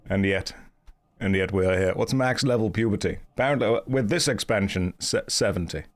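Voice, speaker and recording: Streamer guy, groggy morning voice, really deep, dry jokey chat. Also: fairly quick. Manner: dry, joking, self-mocking. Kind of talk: casual live-stream chat.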